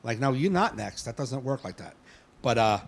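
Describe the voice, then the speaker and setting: A man co-hosts a podcast and tells stories with loose, animated energy. His talk is casual and full of cursing. His voice sits at an ordinary middle pitch. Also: normal speed, vocal fry. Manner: profane, animated storytelling. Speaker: podcast co-host.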